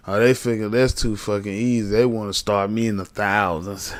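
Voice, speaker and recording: A man's voice: fairly low pitch, steady tone, normal speed, hardly any pauses. A man streaming a casual reaction commentary, talking to his chat in blunt slang. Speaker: streamer reacting to arrest videos.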